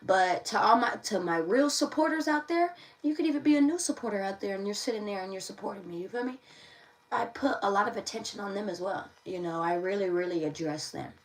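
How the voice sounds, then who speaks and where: A woman's voice: medium pitch, brisk. A woman giving a casual livestream tarot reading, chatty, often repeating her phrases and laughing. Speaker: tarot reader. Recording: voice a bit distant from the mic.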